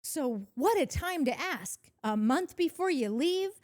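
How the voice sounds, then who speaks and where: A woman's voice: high voice, animated, measured pace, darkish tone. A young woman co-hosting a podcast, chatting in a rambling, giggly way with lots of restarts. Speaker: podcast co-host. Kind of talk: casual recap chat.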